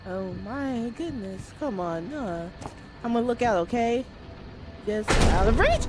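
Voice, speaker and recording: A woman's voice: medium pitch, lively intonation, unhurried, background noise. Jumpy, chatty young woman gamer. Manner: jumpy, chatty, talks to the game and viewers. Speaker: gamer streamer. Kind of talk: let's-play commentary.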